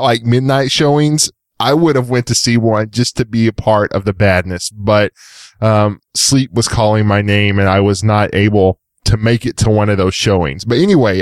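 A man's voice: on the low side, no echo, studio quality. Laid-back male podcast co-host. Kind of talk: casual podcast chat.

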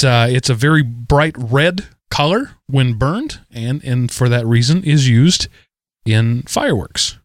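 A man's voice: medium pitch, no room sound. Guy on a podcast, middle-aged, rambly and backtracking, dry close sound. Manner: rambling, self-correcting storyteller. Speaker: podcast co-host. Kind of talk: casual chat.

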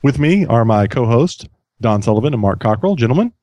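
A man's voice: medium pitch, lively intonation, fast, warm tone, no echo. A man hosting a podcast in casual chat, rambling and self-deprecating, often restarting his sentences. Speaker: podcast host.

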